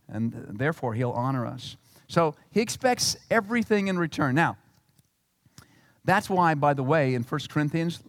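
A male pastor preaching a sermon in an animated, emphatic way. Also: a little high, gravelly, no room sound, clean studio sound, big-room sound. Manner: animated and emphatic, acting out quotes.

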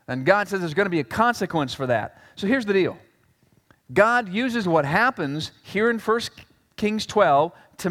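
A male pastor preaches in a lively, animated, conversational way, his voice sitting high and swinging widely in pitch. His words ring out in a church hall with a long, echoing reverb. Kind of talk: sermon.

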